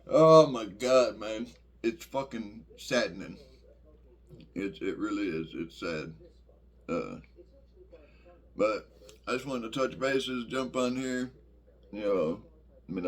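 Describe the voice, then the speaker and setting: A middle-aged man rambles through a casual vlog monologue. His voice sits somewhat low, and he swears freely, piling up fillers and restarts as he talks. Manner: profane, rambling, many fillers. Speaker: vlogger.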